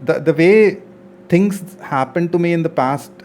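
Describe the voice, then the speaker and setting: Earnest, mellow-voiced man in his forties. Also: a little high, unhurried, a little hiss or hum. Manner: earnest, reflective, frequent hesitations. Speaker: gaming streamer. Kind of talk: casual talk to viewers.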